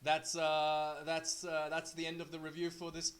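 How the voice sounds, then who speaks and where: A man talking through a rugby match review in a casual, unscripted way, halting often with fillers and restarts. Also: fairly high pitch, monotone, fairly bright tone.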